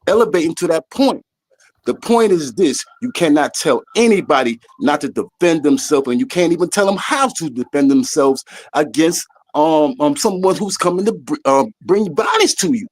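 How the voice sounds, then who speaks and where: A man's voice: a little high, no room sound. A man calling in, speaking emphatically about his own fights and beliefs. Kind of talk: call-in debate.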